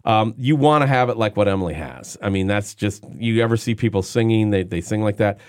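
A man's voice: lowish voice, fairly quick, a little mellow, clear, resonant tone, no room sound. A middle-aged man co-hosting a casual Christian talk show, jokey and rambling, teasing himself as he talks into a studio mic. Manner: jokey, rambling, self-deprecating. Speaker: podcast co-host. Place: podcast studio. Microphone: studio microphone.

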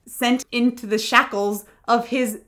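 A woman's voice: a little high, steady tone, measured pace, pushed and bright. A woman co-hosting a casual chat podcast, opinionated, swearing freely and laughing often. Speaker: podcast co-host.

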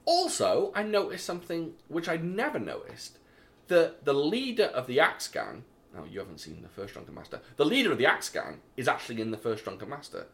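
A British man from the UK, an animated and enthusiastic co-host in casual film chat. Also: on the high side, a little fast, creaky. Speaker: podcast co-host.

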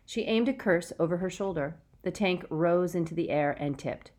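Lower-voiced woman narrating an audiobook dramatically. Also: moderate pace, a little mellow. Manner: dramatic, tense storytelling. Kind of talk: scripted narration.

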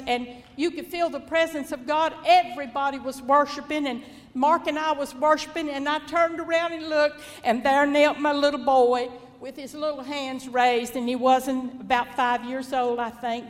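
An older woman with a Southern US accent shares memories of raising her children, folksy and devout, with a gentle chuckle in her talk. Her voice sits high, and a long reverb trails behind her words. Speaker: mother sharing testimony. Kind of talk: personal testimony, reminiscing.

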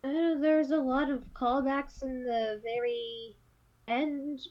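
High-voiced joking woman co-host. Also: steady tone, slow, lo-fi sound. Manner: playful, joking, hyperbolic. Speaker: podcast co-host. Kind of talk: casual chat.

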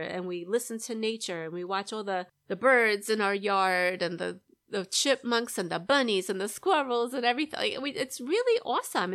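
A woman's voice: mid-range voice, fairly bright tone. Middle-aged female host, direct coaching talk with frequent "right?" checks. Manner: coaching, keeps asking "right?". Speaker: podcast host, money coach. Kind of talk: solo podcast advice talk.

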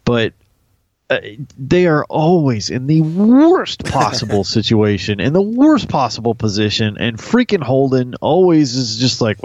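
A man chatting casually about a TV series, animated and crude, joking with his co-host. His voice sits in a middling register. The recording is dry, with a slightly dull, lo-fi sound. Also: mid-range voice, normal speed, no echo. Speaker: podcast co-host. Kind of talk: casual TV recap chat.

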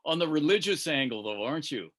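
A man's voice: fairly high pitch, animated, fast, fairly bright tone. A man hosting an interview, asking questions with enthusiastic, encouraging reactions. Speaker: interview host.

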